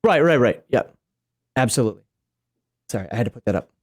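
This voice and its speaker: A man's voice: mid-range voice, lively intonation, fast. A man co-hosting a tabletop game livestream, reading rulebook passages aloud and breaking into chatty, laughing asides. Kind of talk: casual chat while reading a rulebook aloud.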